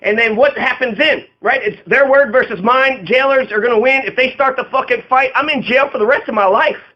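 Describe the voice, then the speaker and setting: A man's voice: very high voice, brisk, highs cut off. A man running for office, delivering a profane, aggrieved and rambling monologue full of fillers. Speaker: political candidate. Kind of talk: angry monologue about his arrests.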